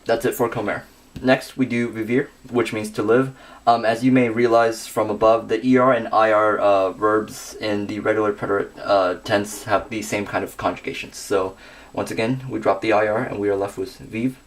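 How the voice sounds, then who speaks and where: A young man giving a scripted grammar lesson, working through verb endings slowly and methodically. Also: on the low side, fairly even intonation. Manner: methodical, reads conjugations slowly with pauses.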